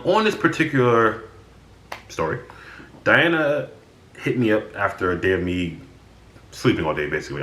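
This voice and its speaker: A man's voice: fairly low pitch, bright, forceful tone, echoey room. A man casually telling stories about his friends on his vlog. He sounds exasperated and swears freely. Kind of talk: casual storytelling.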